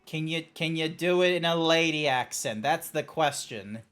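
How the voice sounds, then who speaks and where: A man streaming a video game, chatting casually with an animated, playful manner and exasperated little outbursts. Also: fairly high pitch, moderate pace. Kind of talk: casual gameplay stream chat. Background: faint chill background music.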